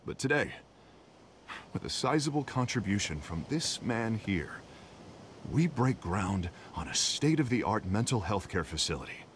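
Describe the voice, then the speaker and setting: A man's voice: fairly low pitch, big pitch swings, a little slow, long pauses, a little hiss or hum. An actor playing an easygoing male district attorney giving a friendly, formal public speech.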